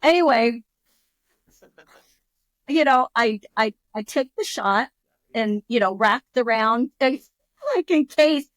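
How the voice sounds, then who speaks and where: A woman guest on a podcast, telling a story in a lively, casual way and acting out her own thoughts in quotes. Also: on the high side, takes it slowly, pauses often, no echo.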